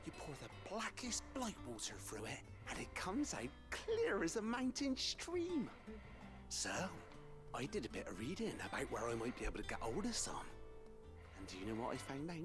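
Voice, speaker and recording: An actor voicing a chatty male tinkerer with a West Country accent, high and nasal-sounding, folksy and wheedling, in a video game. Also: full character voice. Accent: West Country English. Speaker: game character. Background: game music.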